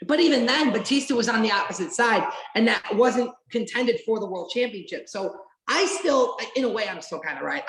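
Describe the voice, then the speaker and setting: A woman guest on a podcast, telling wrestling memories in an excited, rambling way and swearing now and then. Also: mid-range voice. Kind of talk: casual podcast chat. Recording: roomy echo.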